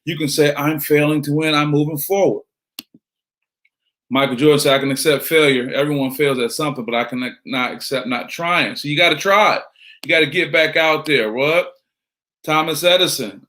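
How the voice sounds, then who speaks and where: Middle-aged man, motivational speaker, preachy, rhetorical questions, mid-pitched voice. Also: a bit bright. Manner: preachy, rhetorical questions, greets listeners by name. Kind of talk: motivational talk.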